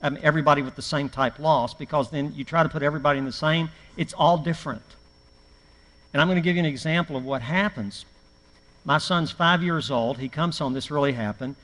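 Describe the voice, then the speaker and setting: Middle-aged man, preacher, high-ish voice, folksy anecdotal class talk with dry self-mockery, long church-hall reverb. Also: fairly quick, fairly bright tone. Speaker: preacher teaching a grief class.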